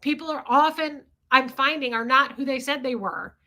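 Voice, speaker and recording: A woman's voice: high-pitched, lively intonation, moderate pace, pushed and bright. A woman in her forties hosting a livestream, talking candidly and confessionally while greeting viewers in the chat, with casual swearing. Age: 40s. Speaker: livestream host reading chat.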